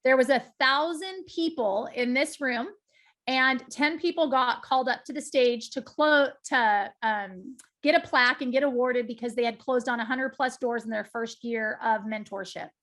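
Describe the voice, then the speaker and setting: A woman's voice: fairly high pitch, normal speed. A middle-aged woman giving a talk, telling a personal story with emphatic energy and frequent asides to her listeners. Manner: lively, emphatic storytelling with direct asides to the audience. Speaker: guest speaker.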